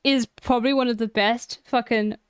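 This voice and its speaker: A young woman streamer chats casually as she reacts to clips, excitable and quick to laugh, with swearing mixed in. Her voice is smooth and clear, a little higher than average, recorded close and dry with no room sound. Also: no room sound.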